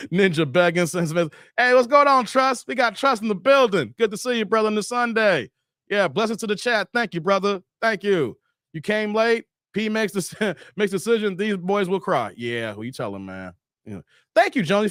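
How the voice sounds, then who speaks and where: A man's voice: on the high side, a bit bright, no echo, studio quality. A man hosting a casual live stream, reading chat comments in a laid-back, slangy way and laughing often.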